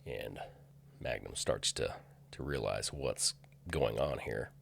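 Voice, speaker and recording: Man, very deep voice, gravelly, hesitant casual walkthrough, faint hum behind. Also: slow pace, a bit bright. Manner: hesitant, many fillers and restarts. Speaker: filming location researcher. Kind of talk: casual screen-share walkthrough.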